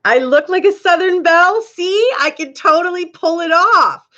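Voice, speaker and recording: A woman's voice: very high voice, expressive, moderate pace, pushed and bright, dull audio. A woman hosting a live stream, chatting casually with viewers and reading their comments, giggling often. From Canada.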